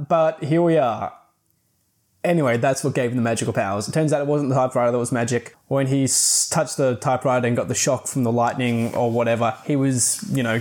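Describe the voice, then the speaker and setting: A man with a mid-range, slightly mellow voice gives a casual book review, rambling through the plot. He's chatty, uses fillers, and swears now and then.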